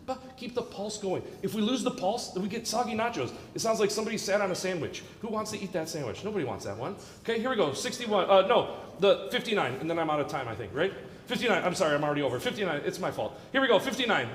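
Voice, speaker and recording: Heard from afar over orchestra music in an echoing hall, a man leads a student orchestra rehearsal as a visiting clinician. His high voice swings widely in pitch at a quick pace, and he jokes around, counting beats and singing the rhythms. There's slight background noise.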